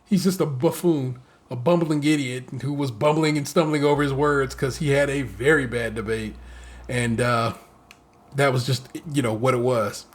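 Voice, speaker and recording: A man co-hosting a podcast in casual chat, talking in animated, profane bursts and mocking the people he talks about. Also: medium pitch, moderate pace. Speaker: podcast co-host.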